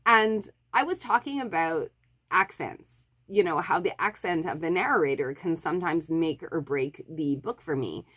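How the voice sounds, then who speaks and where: Chatty, apologetic Montreal woman, low voice. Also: lively intonation, moderate pace, fairly bright tone. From Montreal, Canada. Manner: chatty and apologetic, many fillers and restarts. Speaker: book vlogger. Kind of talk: casual chat to camera.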